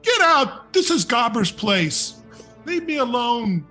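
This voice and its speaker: A man voicing a grumpy, timid creature living in a sewer, shouting gruffly. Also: very high-pitched, sing-song, takes it slowly, faint music behind, voice pushed up, exaggerated voice. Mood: indignant.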